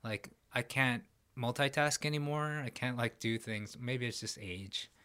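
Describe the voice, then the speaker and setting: A man's voice: mid-range voice, measured pace, bright, forceful tone. A young adult man from New York hosting a podcast, joking and rambling casually while a little tipsy. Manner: jokey, rambling, a bit tipsy. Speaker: podcast host.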